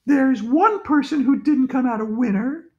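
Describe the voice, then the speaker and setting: A man voicing a bossy know-it-all schoolgirl who scolds in prim, drawn-out words. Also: extremely high pitch, gravelly, a little mellow, muffled recording, voice pushed up. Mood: scolding. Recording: roomy echo.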